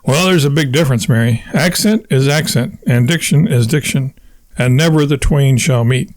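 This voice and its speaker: A man's voice: mid-range voice, normal speed, no room sound, close to an everyday voice. A man voicing a fussy, blustering middle-aged husband who bluffs and argues his way out of everything in an audiobook. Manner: boastful, argumentative, talks his way out of things. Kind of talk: audiobook character voice.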